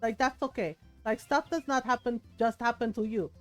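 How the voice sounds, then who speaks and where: A woman imitating a blunt, tiny Filipino mother who scolds in halting English. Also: on the high side, faint music behind, close to an everyday voice. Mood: blunt scolding.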